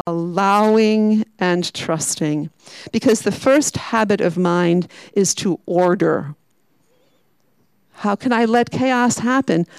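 Gravelly woman giving a spiritual talk. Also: medium pitch, darkish tone, no echo, rough recording. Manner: emphatic, slows down and repeats key words. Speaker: Franciscan sister giving a talk.

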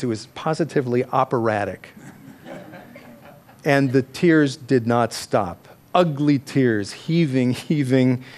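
A man of middle age recounts a painful memory in an open, reflective way. He pokes fun at himself, stops to correct his phrasing and laughs at his own asides. His voice sits at an ordinary pitch for a man. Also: darkish tone. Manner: candid, self-deprecating, laughs at himself; restarts and corrects himself mid-sentence. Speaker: speaker telling a personal story. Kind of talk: reflective personal storytelling.

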